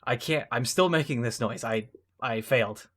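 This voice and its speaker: A man's voice: medium pitch, normal speed, fairly bright tone. A young man telling a long personal mishap story in casual, self-deprecating style, full of restarts and asides. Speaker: podcast co-host.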